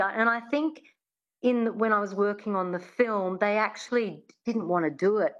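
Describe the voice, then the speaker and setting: Aussie woman voice coach chatting on radio, bit muffled sound. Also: lowish voice. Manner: demonstrates accents, explains with fillers. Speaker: dialect coach guest. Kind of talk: radio interview, accent coaching.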